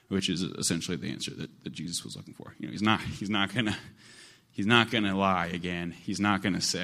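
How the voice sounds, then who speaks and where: A male preacher delivers a sermon in a relaxed, conversational way. His voice sits on the low side. He repeats phrases and stacks them to build his point. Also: normal speed, gravelly. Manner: conversational, repetitive, building emphasis.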